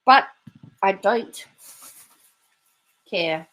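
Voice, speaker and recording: A woman's voice: mid-range voice, lively intonation, extremely slow, a bit bright. A woman hosting a vlog, chatting casually and reacting to clips with laughs. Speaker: vlog host. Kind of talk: casual commentary.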